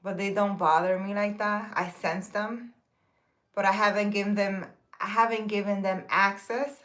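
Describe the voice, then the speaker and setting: In a level, fairly bright medium-pitched voice, a woman talks at a moderate pace to her audience. She's a spiritual healer who reads out viewer comments and responds, rambling casually with plenty of fillers and restarts.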